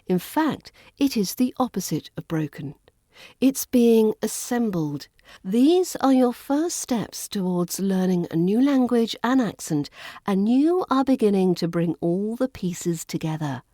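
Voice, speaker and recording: A woman with a British RP accent hosting a podcast pronunciation lesson, modelling sounds slowly and deliberately. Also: mid-range voice, expressive, mellow, dry recording, studio quality. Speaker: accent coach and podcast host.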